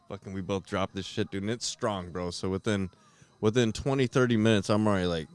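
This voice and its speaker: A man's voice: lowish voice, fast, clear, resonant tone. A man hosting a casual podcast chat, telling stories full of swearing and laughter. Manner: profane, laughing storyteller. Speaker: podcast host.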